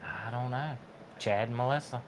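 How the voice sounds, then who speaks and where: A man's voice: mid-range voice, moderate pace, a little hiss or hum. A man co-hosting a casual livestream chat, joking in short interjections. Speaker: co-host.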